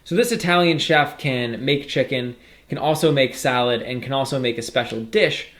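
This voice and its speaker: A man's voice: medium pitch, normal speed, a bit bright. A man explaining programming in a casual, upbeat way, walking through code as he types. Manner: casual, upbeat explaining with fillers while coding. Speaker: programming tutor. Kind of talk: screen-recorded coding tutorial.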